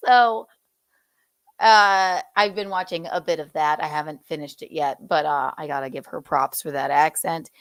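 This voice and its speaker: A woman from the American South takes her time through celebrity gossip, drawling out her words at an unhurried pace. Her manner is loose and chatty, and she laughs often. The sound is close and dry, with no room ring. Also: sits low, dry recording. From Southern United States. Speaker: podcast host. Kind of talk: casual pop-culture chat.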